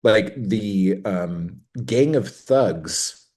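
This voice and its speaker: A podcast co-host with a low-pitched, darkish voice recaps a film very slowly in casual chat. His storytelling is crude, rambling and jokey, and he acts out the quotes.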